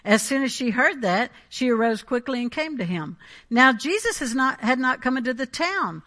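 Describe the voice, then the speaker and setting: A woman's voice: sits high, sing-song, moderate pace, fairly bright tone. A woman preaching a Pentecostal sermon, emphatic and conversational, often checking in with the congregation.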